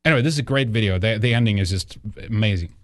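A man's voice: fairly low pitch, animated, racing, no echo, clean studio sound. Profane, rambling male podcast host. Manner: rambling, profane, indignant commentary. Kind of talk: news commentary podcast.

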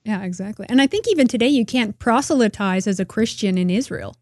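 A woman's voice: medium pitch, lively intonation, fast, darkish tone, no echo, clean studio sound. A woman hosting an interview, agreeing readily with short affirmations. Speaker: podcast host. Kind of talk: interview conversation.

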